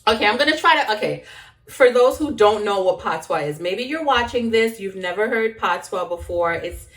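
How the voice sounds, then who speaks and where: A woman's voice: mid-range voice, expressive, normal speed, a bit bright, recorded from a distance. A woman chatting casually while she cooks in her kitchen, rambling with lots of fillers and restarts. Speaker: cooking vlogger. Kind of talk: casual chat while cooking.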